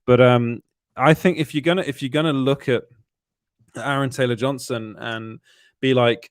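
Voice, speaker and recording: A man's voice: medium pitch, normal speed, no room sound, studio quality. A man co-hosting a film podcast, talking with enthusiasm and frequent restarts. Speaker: podcast co-host. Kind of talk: casual chat about films.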